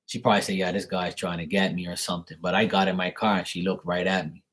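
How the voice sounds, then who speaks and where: A man with a somewhat low voice tells a story in a loose, rambling way. He talks like a live tarot reader chatting to viewers, and his speech is slangy and packed with "like" and "you know". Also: level tone, fast, fairly bright tone, rough recording. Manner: rambling, slangy, heavy use of "like". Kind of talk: casual storytelling.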